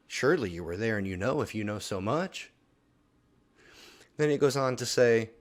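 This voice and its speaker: A man with a fairly low voice hosts a daily Bible reading video at a normal pace. He goes through the scripture in a relaxed way and frequently checks in by asking "right?"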